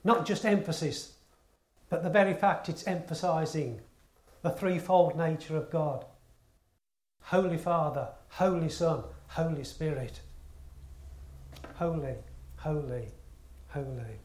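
A man's voice: fairly high pitch, a little slow. A man preaching a sermon in earnest tones, stressing his points through repetition and rhetorical questions. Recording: echoey room.

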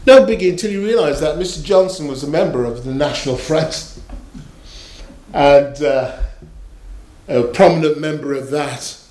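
A man's voice: fairly high pitch, moderate pace, long pauses, darkish tone. A man preaching a sermon in a storytelling manner, repeating key phrases for emphasis. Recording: echoey room.

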